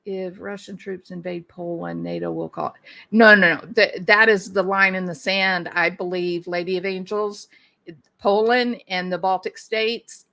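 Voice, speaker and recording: Bright-voiced woman hosting a casual livestream. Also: lowish voice, vocal fry. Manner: chatty, thinking aloud with restarts and small laughs. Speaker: livestream host. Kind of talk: casual livestream chat reading viewer comments.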